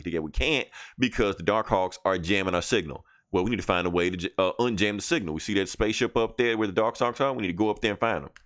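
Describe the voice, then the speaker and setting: A man's voice: lowish voice, fairly bright tone. A man hosting a podcast, casually recapping a comic book in a profane, rambling way, laughing and briefly acting out the characters. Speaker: podcast host reviewing comics.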